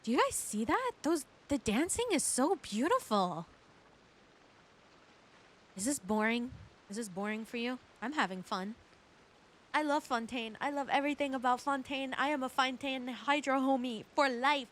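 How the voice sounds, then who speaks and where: A woman's voice: high-pitched, lively intonation, moderate pace. A woman streaming a video game as a VTuber, chatting casually with her viewers in a gushing, giggly way. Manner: gushing and giggly, talks to chat. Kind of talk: casual gaming stream chat.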